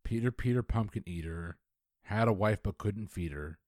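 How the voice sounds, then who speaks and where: Low-voiced jokey man, dry sound. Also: normal speed, a little mellow, no room sound. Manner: rambling, jokey, thinks aloud. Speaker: podcast co-host playing trivia. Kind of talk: casual chat.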